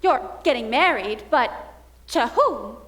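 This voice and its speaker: A woman's voice: on the high side, lively intonation, takes it slowly, a bit bright. A teenage actress playing a glamorous, theatrical showgirl bride who speaks in a grand, melodramatic way, in a school stage musical. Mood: dramatic. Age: teens. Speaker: Janet, the bride. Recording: stage mic in a reverberant auditorium.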